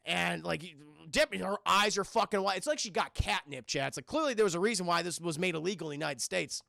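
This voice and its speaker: A man excitedly recapping a cartoon scene by scene for a stream chat, swearing freely and acting out the characters in funny voices. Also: high voice, quick pace, vocal fry, no room sound, clean studio sound.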